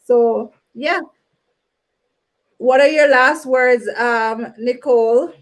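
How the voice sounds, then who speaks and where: A woman with a fairly high voice hosts a panel over a video call, talking slowly and gently as she hands the floor to each guest. Her words come out in an unhurried, drawn-out way. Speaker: host. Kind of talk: hosting a panel talk.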